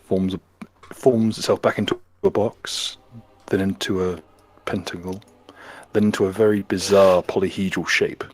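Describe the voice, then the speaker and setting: A man's voice: sits low, level tone, moderate pace, breathy edge. A man narrating a tabletop game as game master, describing scenes with small restarts.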